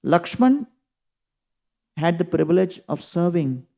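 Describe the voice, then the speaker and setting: A man's voice: fairly high pitch, big pitch swings, slow, creaky, darkish tone. A man giving a scripture class as a sermon, telling the story earnestly with emphatic rises. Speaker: preacher.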